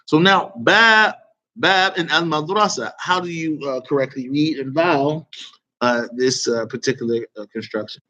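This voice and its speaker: A man's voice: fairly high pitch, normal speed, sharp tone, dull audio. A man teaching an online Arabic grammar lesson, quizzing students and praising their answers with casual asides.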